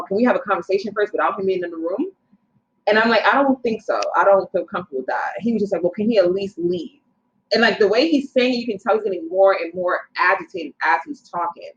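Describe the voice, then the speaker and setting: Young woman telling a story, animated. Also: medium pitch, a little hiss or hum. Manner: animated, quotes people in her story, quick asides. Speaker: guest. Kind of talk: casual storytelling. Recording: slightly dull lo-fi sound.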